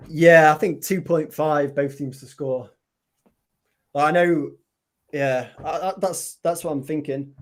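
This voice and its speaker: A man's voice: fairly high pitch, steady tone, unhurried. A man in casual football chat, musing over betting picks with hesitant restarts.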